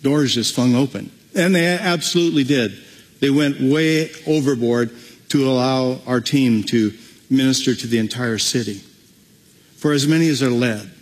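A man preaching a sermon, telling stories in an animated way and acting out the voices. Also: mid-range voice, normal speed, husky, big-room sound, poor audio. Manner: animated storytelling, acts out voices.

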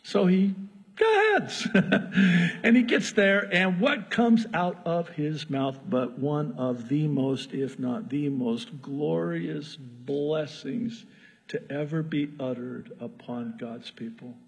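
Man, pastor, sermon, animated storytelling, high voice, long church reverb. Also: slow pace, husky. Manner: animated storytelling, humorous asides.

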